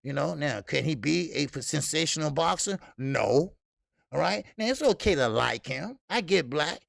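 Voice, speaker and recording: A man's voice: fairly high pitch, animated, moderate pace, gravelly, a bit bright, dry recording, studio quality. A man hosting a live boxing stream, greeting viewers and ranting casually with lots of fillers and profanity. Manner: loose, profane, rambling with many fillers. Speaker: boxing channel host.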